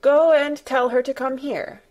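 A woman's voice: high-pitched, steady tone, a little slow, a little mellow, highs cut off, voice pushed up. A woman voicing a spoiled, imperious invalid boy who speaks in a commanding, haughty way.

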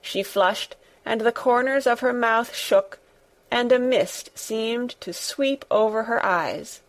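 Slow-paced woman reading a classic story. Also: a little high. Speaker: audiobook narrator. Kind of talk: scripted narration.

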